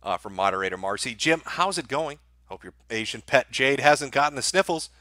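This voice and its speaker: A man's voice: mid-range voice, animated, brisk, bright, forceful tone, no echo, clean studio sound. A man hosting a livestream, reading viewer donations and answering them in sardonic, profane commentary. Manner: sardonic, blunt, swears freely.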